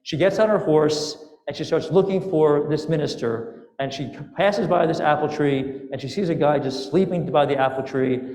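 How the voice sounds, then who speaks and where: A rabbi telling a fairy tale during a holiday sermon, playful and lively, with asides to the congregation. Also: male voice, on the high side, moderate pace. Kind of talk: sermon storytelling. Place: synagogue sanctuary. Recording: echoey sanctuary with long reverb.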